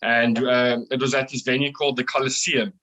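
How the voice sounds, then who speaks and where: A young South African man, a band vocalist, telling a wild tour story in casual, excitable talk, swearing freely and laughing often. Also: mid-range voice, fairly quick, poor audio.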